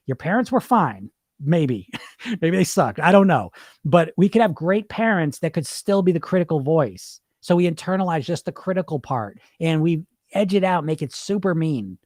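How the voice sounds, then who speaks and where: A man's voice: fairly high pitch, normal speed, no room sound, clean studio sound. A middle-aged man hosting a weight loss podcast, talking casually and bluntly with plenty of swearing, and acting out the voices in people's heads. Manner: animated, profane, acts out inner voices. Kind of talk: casual motivational talk.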